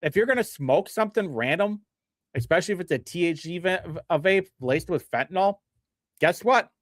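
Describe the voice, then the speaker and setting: Man, slightly high voice, dry close sound, sarcastic livestream commentator, reads bills aloud and mocks them. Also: animated, normal speed, dry recording. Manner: sarcastic and mocking, reads bill text aloud; chuckles often, with big pitch swings. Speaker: livestream host reviewing state bills.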